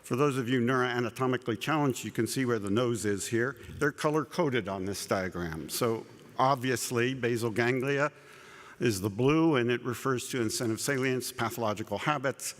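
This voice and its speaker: A man at a conference lectern lays out a scientific framework in a relaxed, conversational way. He repeats words as he goes and slips in dry asides. His voice carries a long reverb from a large hall. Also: mid-range voice, normal speed. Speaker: conference speaker. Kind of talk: plenary scientific lecture.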